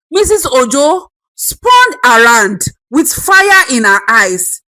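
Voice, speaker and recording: A woman's voice: high voice, sing-song, slow, bright, forceful tone, no room sound, poor audio. A woman narrating a dramatic family story expressively.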